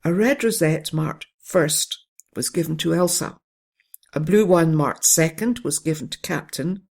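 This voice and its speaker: Gentle bedtime story narrator, gravelly. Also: mid-range voice, measured pace.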